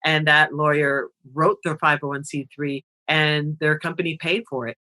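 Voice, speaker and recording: A woman who founded a nonprofit, a guest on a radio interview, telling stories in a lively, expressive way and laughing often. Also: low voice, moderate pace. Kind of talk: animated storytelling interview.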